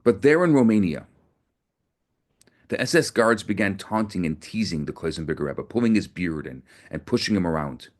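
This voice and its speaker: Earnest low-voiced rabbi preaching. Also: male voice, animated, moderate pace. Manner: earnest storytelling, repeats words. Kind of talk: sermon.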